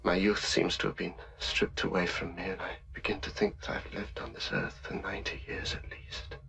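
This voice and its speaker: An actor playing a lonely, lovesick young writer who speaks in an intense, pleading, often whispered way. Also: male voice, sits low, level tone, normal speed, vocal fry, bright, forceful tone, exaggerated voice. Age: young adult. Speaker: actor in a film. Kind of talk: 1960s film drama acting.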